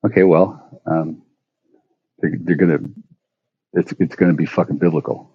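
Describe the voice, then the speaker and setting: A man rambling profanely into his phone at home, stammering through restarts and breaking into sudden loud outbursts. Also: low-pitched, moderate pace, long pauses, slightly rough, dry recording, muffled recording. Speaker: vlogger. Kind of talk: rambling monologue rant.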